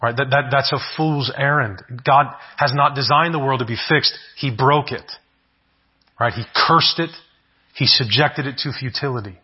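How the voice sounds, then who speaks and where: Male pastor, husky, earnest sermon delivery, muffled lo-fi sound. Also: medium pitch, moderate pace. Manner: earnest, repeats words, asks "right?" often.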